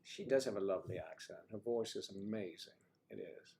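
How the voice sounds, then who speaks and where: Mellow-voiced joking male livestream host. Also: lowish voice, fairly quick. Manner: relaxed, joking, clears throat often. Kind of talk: casual livestream chat.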